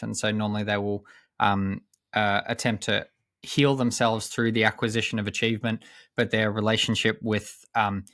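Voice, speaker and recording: A young man, a coach and podcast guest, telling a personal story in a measured, earnest way with pauses and restarts. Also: fairly low pitch, fairly bright tone, no echo, studio quality.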